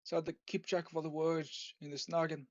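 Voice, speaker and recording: A man voicing an aging, menacing mafia boss in a gruff mock-gangster drawl, recorded on a dull lo-fi setup. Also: fairly high pitch, level tone, fast, a little mellow, dry recording, lightly acted. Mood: rambling. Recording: dull lo-fi dry home recording.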